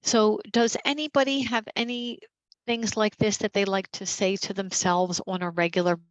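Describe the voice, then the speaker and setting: A woman teaching a caregiver support workshop over a video call, gentle and encouraging, with casual fillers. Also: mid-range voice, steady tone, moderate pace, no echo, poor audio.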